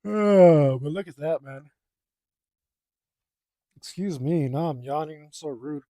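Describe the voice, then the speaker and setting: A man chatting casually as he works on his art, rambling and joking at his own expense, with loud groans at the dull parts. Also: fairly high pitch, unhurried, no room sound. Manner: rambling, self-deprecating, groans and sighs aloud. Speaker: artist streaming his drawing process. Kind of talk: casual talk while working.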